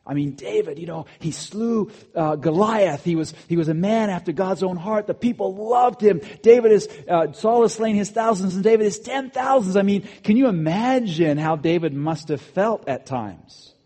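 A man preaching a sermon, swinging between loud, emphatic bursts and quiet asides. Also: sits high, normal speed, few pauses, husky. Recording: long hall reverb.

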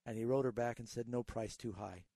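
Guy hosting a bible call-in radio show, warm mellow voice, dry studio sound, explains things patiently. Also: mid-range voice, brisk, vocal fry, dry recording. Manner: earnest, teaching tone with a storytelling aside.

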